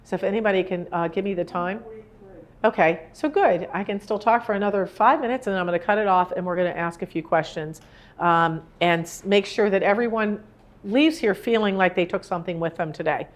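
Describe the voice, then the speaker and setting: A woman's voice: medium pitch, a little fast. Earnest woman in her sixties. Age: 60s. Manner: conversational, rambling, earnest. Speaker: grief speaker. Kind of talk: live talk to an audience. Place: indoor room with a live audience.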